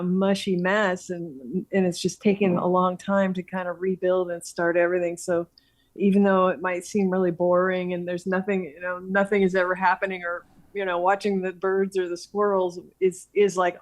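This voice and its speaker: A woman reflecting softly in a casual conversation, running her thoughts together with many 'and's. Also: fairly low pitch, level tone, moderate pace. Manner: soft-spoken, reflective, trails on with 'and'.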